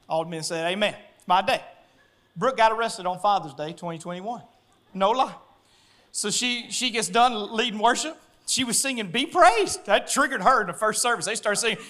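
A man, preaching a sermon as pastor and telling a story with lively acted-out voices. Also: high voice. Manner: animated storyteller, acting out voices, laughing.

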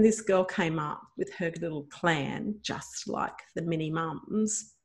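A middle-aged woman, a guest telling a personal story in an emotional, animated way with many fillers. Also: fairly low pitch, a little slow.

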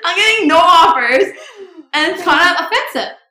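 A woman's voice: very high voice, expressive, normal speed, pushed and bright. A woman in casual chat, teasing her friend and playing up mock outrage. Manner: teasing, playfully indignant. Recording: roomy echo.

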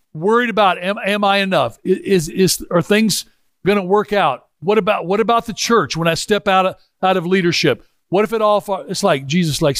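Male pastor, conversational sermon, slightly raised pitch, dry close sound. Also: a bit bright, dry recording. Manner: conversational, dropping into a lower voice for scripture; halting restarts.

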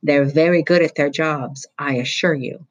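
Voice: medium pitch, moderate pace, lo-fi sound, close to an everyday voice. A teacher reading a novel aloud voices a stern middle-aged female vice principal who speaks acidly and accuses. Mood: accusing. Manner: acid and accusing.

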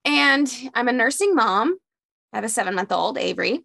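A young woman on a chatty talk show telling a long personal story, animated and acting out the voices of the people in it. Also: a little high, a little fast, gravelly, no room sound. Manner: animated storyteller, acts out quotes in raised voices. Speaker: podcast co-host. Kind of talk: casual chat, storytelling.

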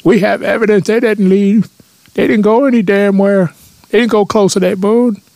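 A man's voice: sits high, fairly even intonation, moderate pace, a little mellow, dry recording, voice pushed up. A man putting on a poor Russian accent to play a gloating Soviet official who speaks broken English. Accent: put-on Russian.

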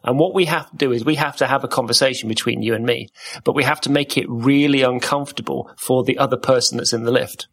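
Husky guy hosting a podcast, chatty and playful, wanders off into stories. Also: medium pitch, steady tone, fast talker, fairly bright tone. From Wales. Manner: playful, rambling storyteller. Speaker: podcast host. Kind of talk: casual chat.

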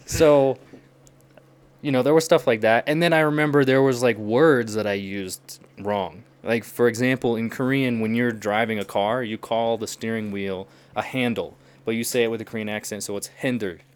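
A man's voice: mid-range voice, steady tone, moderate pace, clear, resonant tone. A young man from the United States chatting casually and telling stories, laughing often as he talks. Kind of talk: casual chat.

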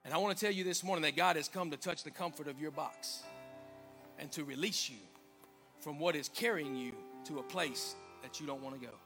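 A man preaching a sermon as pastor, swelling to emphatic peaks and dropping to hushed lines. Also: on the high side, fairly quick, creaky, soft background music. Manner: preaching with rising, emphatic swells and quiet drops. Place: church sanctuary.

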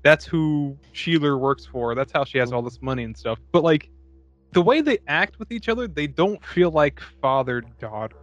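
Profane, animated man recapping a movie. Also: on the high side, moderate pace, no room sound, dull audio. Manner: animated, profane, acts out quotes from the film. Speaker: podcast co-host. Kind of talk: casual movie-review chat.

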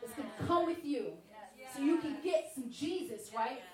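A woman giving a sermon-style personal testimony, telling her story in a lively way with chatty asides to the audience. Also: high voice, normal speed. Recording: echoey hall, mic at a distance.

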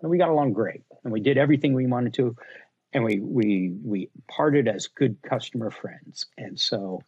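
A man who owns a gear company, talking in a casual podcast interview, blunt and animated as he tells stories about customers. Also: medium pitch, moderate pace, husky, no echo, muffled recording. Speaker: guest, luggage company owner.

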